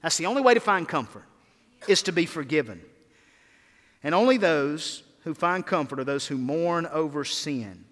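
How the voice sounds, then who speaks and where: A male pastor preaches a sermon in a bright, forceful voice pitched a little high. He pushes his points with rhetorical questions and emphatic rises and falls. The sound rings out with long reverb, as in a church. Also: expressive, normal speed.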